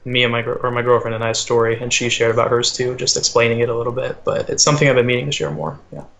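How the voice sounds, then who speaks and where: Halting teenage boy, flat voice. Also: mid-range voice, creaky, a little hiss or hum. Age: teens. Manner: hesitant, halting, many fillers. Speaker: guest, small business owner. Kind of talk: casual interview chat.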